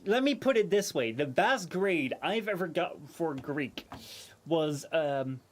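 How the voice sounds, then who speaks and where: A man's voice: on the high side, lively intonation, slow pace, a little hiss or hum. A man from the Netherlands with a Dutch accent that leans American, native Dutch speaker, chatting casually with viewers while streaming a game, rambling with lots of fillers and restarts. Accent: Dutch, with an American lean.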